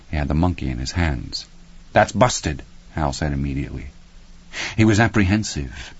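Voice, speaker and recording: Deep guy reading an audiobook, dry close mic, bit muffled. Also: a little mellow, no echo. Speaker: audiobook narrator. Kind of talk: scripted audiobook narration.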